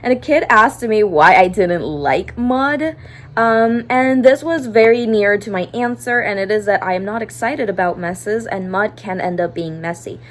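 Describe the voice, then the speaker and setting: A woman's voice: mid-range voice, normal speed, poor audio. A young woman who performs as a party princess, explaining character tips in a casual, upbeat, chatty vlog.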